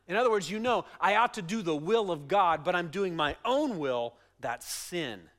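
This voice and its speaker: A middle-aged male pastor preaching a sermon, telling stories with animated emphasis. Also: high voice, moderate pace, few pauses.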